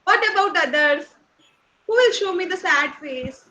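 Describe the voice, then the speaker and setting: A woman's voice: extremely high pitch, lively intonation, normal speed, bright, forceful tone, rough recording. A young woman with an Indian English accent teaching small children in an online class, playful and coaxing, asking lots of questions and laughing often. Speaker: nursery teacher.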